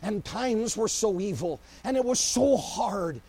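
A man preaching a sermon with great passion, swinging between loud cries and hushed, low passages. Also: expressive, measured pace, vocal fry, slightly rough. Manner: impassioned, swings from shouting to hushed.

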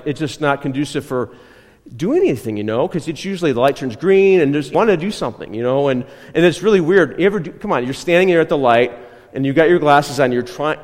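A man's voice: fairly high pitch, a little mellow, long reverb tail. A man preaching a conversational sermon as pastor, telling a personal story, repeating himself and often checking in with the congregation. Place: church.

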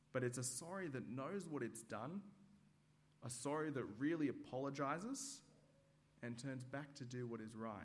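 A man preaching a sermon at a church service, measured and hesitant with frequent ums, acting out everyday examples. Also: mid-range voice. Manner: demonstrative, acts out examples.

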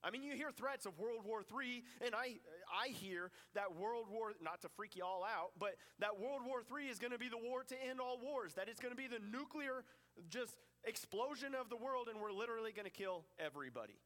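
Preacher, male, high and bright, lively storyteller, long hall reverb. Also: normal speed. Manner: lively storytelling with playful asides. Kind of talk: sermon.

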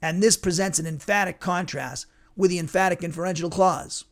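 Gravelly man teaching a Bible class. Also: high-pitched, fairly even intonation. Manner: rambling with frequent restarts and fillers; slow careful Greek word reading. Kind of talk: verse-by-verse Bible lesson.

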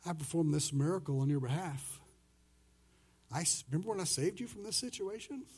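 A pastor preaching a conversational sermon who swings between loud and soft passages and acts out the voices he quotes. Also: fairly high pitch, expressive, brisk, breathy edge.

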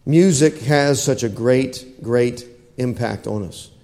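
A man's voice: mid-range voice, slow, dark tone, long reverb tail. A man preaching a sermon to his congregation in a folksy manner, often checking in with questions. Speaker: pastor. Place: church hall.

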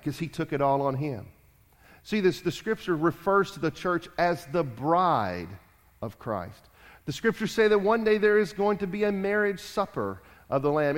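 A man preaching in a church, his fairly high voice ringing through a long hall reverb. He preaches emphatically, repeats his lines, and swings between loud declarations and quiet asides. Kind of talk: sermon.

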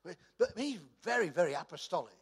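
A man's voice: sits high, very animated, a little fast, gravelly, husky. Man with a raised voice, telling church stories. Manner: chatty storytelling with stammered restarts. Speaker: church leader. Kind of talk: anecdotal sermon talk.

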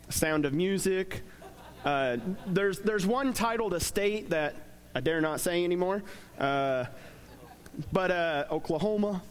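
A young man giving a casual, joking sermon as a pastor, talking conversationally with plenty of fillers. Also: high-pitched.

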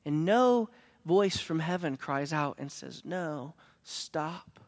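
A man preaching a sermon as a pastor, telling a story that swings between hushed lines and emphatic ones. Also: fairly high pitch, animated, measured pace, gravelly.

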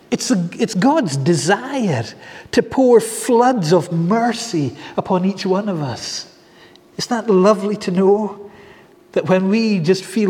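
A man preaching in a church, his voice sitting a bit high for a man. He talks earnestly and repeats himself, stacking one phrase on the next. A long reverb trails behind every line. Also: expressive, a little slow, darkish tone. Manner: earnest, repetitive, building phrases. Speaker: pastor. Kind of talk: sermon.

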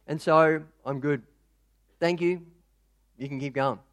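A man voicing an elderly man who calmly trusts God to save him, low and quiet. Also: slow pace. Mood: polite.

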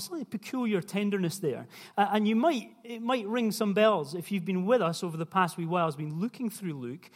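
A man's voice: high voice, expressive, normal speed. A young man preaching a sermon in a conversational way, putting questions to the listeners. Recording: long hall reverb.

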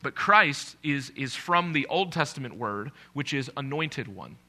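A man's voice: mid-range voice, expressive, unhurried, bright, forceful tone. A man preaching a sermon in a conversational way, asking his congregation questions.

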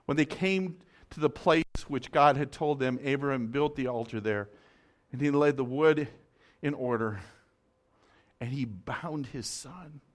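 A man's voice: mid-range voice, a little slow. Man preaching with dramatic swings in volume. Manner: dramatic, swings from loud urgency to soft hush. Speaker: pastor. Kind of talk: sermon storytelling.

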